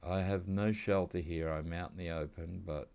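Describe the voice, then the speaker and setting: Australian male streamer, low voice, chatty and joking, gameplay commentary. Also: steady tone, moderate pace, creaky, a little mellow. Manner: joking, chatty, talks to the animals on screen. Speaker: gaming streamer.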